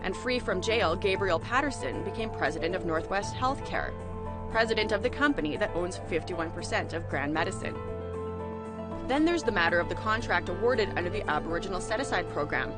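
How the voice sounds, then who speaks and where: A woman's voice: on the low side, lively intonation, over loud music. Woman reporter narrating a news investigation. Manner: measured, matter-of-fact delivery.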